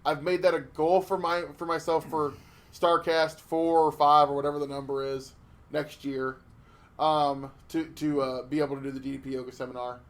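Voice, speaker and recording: A man chatting on a podcast in a slightly high voice. He tells his stories animatedly, swearing freely and often restarting his sentences. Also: moderate pace. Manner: animated storytelling with profanity and restarts. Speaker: podcast co-host. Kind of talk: casual podcast chat.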